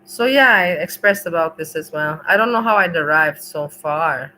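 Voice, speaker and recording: A woman's voice: low voice, expressive, moderate pace, bright, forceful tone, slight background noise, low-quality recording. Rambling, emotional woman streamer. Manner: rambling, emotional, swears freely. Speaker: livestream host. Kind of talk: casual livestream chat.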